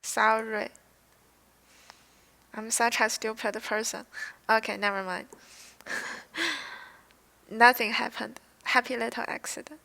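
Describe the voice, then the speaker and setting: A young woman streamer who is not a native English speaker, chatting casually and haltingly while reading game card text aloud on a headset mic. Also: on the high side, fairly even intonation, vocal fry, bright, forceful tone. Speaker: game streamer reviewing cards. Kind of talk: casual live-stream chat.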